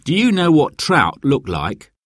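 Kindly storybook uncle, cheerful and patient, slow and warm in tone, read by a man. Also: a little high, wildly swooping pitch, no room sound, studio quality, pitched above the performer's own voice, heavily acted. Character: kindly uncle who loves fishing.

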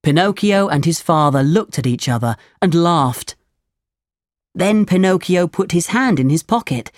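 A woman reading a children's storybook aloud, slow, clear and expressive. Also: lowish voice, no echo, studio quality.

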